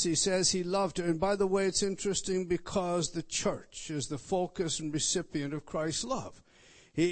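A man's voice: a little high, no room sound. A man preaching an expository sermon, emphatic, repeating words and turning to the listeners with questions. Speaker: pastor.

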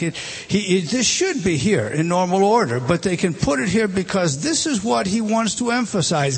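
A man's voice: high voice, breathy edge. A man teaching a Bible passage word by word, starting over often and pointing at a written page. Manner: halting, many restarts, points at a page and rises when stressing a word.

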